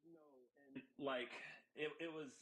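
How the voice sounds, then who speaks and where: A man's voice: fairly high pitch, steady tone, takes it slowly, a bit bright, low-quality recording. A man in his forties with a Southern accent, a guest musician talking casually and rambling with many fillers over a video call. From Southern United States. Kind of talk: casual interview talk.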